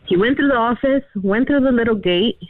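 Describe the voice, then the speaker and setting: A woman's voice: a little high, no echo. Woman caller on a tinny phone line. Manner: earnest, emotional, halting retelling with many fillers. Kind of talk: telling a personal story on a radio call-in.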